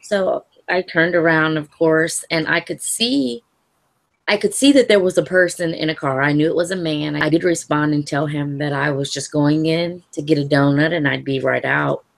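Woman, very low voice, gravelly, calm, measured, interview account. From Louisville area, Kentucky. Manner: calm, measured storytelling with soft laughs.

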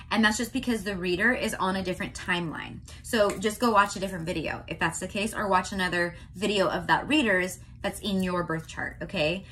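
A young woman from California giving a casual tarot reading to her viewers, chatty and often checking in with a quick "okay?". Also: mid-range voice, a bit bright, slight background noise. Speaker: tarot reader.

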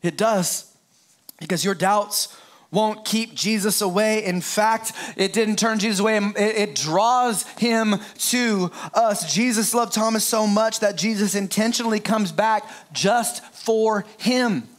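A middle-aged man preaching an Easter sermon in a high voice. He speaks straight to the congregation and often breaks off into playful jokes. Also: a little slow. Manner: playful, joking asides, talks straight to the congregation. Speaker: pastor.

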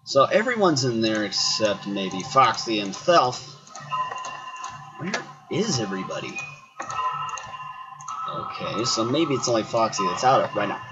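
Excitable man yelling through a horror game. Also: mid-range voice, unhurried, long pauses, muffled recording. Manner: excitable, yells at the characters, swaps swears for silly words. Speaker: gaming YouTuber. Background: game music.

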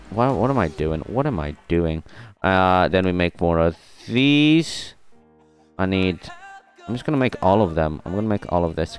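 Young man muttering through a game stream. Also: on the low side. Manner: mutters to himself, counts aloud, sings along to music. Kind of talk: casual live-stream commentary while playing. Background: faint music.

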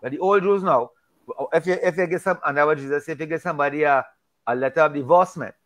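A man with a slightly higher than usual voice talks through a Bible discussion in a casual way. He speaks emphatically and preachily. He often restarts and repeats words as he goes. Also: quick pace.

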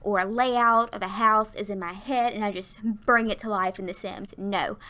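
A woman in her twenties, a YouTuber, does a casual voiceover while narrating a Sims build at her workplace, sounding tired and out of breath as she chats, rambles, and laughs often. Her medium-pitched voice is pushed and bright, with fairly even intonation and a moderate pace. She's recorded on a desktop USB mic.

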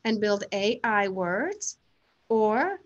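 Slow, deliberate woman explaining teaching methods. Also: mid-range voice, big pitch swings, muffled recording. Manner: slow, deliberate, modeling sounds to children. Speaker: teacher trainer. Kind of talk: instructional demonstration.

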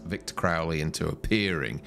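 A man's voice: a bass voice, a little fast, vocal fry, a bit bright. A man co-hosting a film podcast, chatty and enthusiastic about the movie. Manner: enthusiastic, chatty, laughs at lines. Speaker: podcast co-host. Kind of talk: casual film chat. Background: faint synth music.

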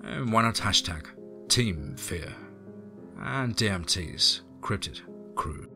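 A man's voice: on the low side, lively intonation, takes it slowly, creaky, over music. A man narrating a horror story aloud, then chatting enthusiastically to his listeners. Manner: enthusiastic, effusive.

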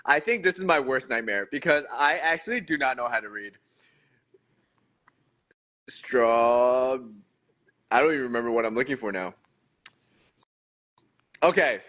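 A man hosting a casual livestream on his phone, playful and self-mocking, rambling with quick restarts as he talks to viewers. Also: medium pitch, lively intonation, a bit bright. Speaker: livestream host.

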